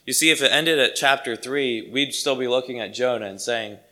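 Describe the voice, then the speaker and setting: A man's voice: medium pitch, a little fast, sharp tone. A man preaching a sermon to his congregation, earnest and emphatic, repeating key phrases for weight.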